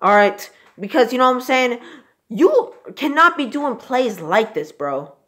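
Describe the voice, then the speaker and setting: A very high-pitched, slightly bright male voice stays very animated yet measured in pace as he reacts live to football, swearing, frustrated, and saying "bro" nonstop.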